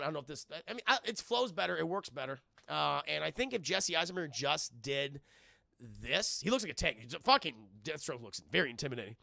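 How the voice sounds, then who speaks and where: A man breaks down a film scene by scene for his live chat, speaking in an animated and profane way. His voice swings widely in pitch and is strongly gravelly. It sounds bright, and the sound is close and dry. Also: moderate pace, no room sound. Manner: animated, profane, laughs often, talks to chat. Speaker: film reviewer streaming live.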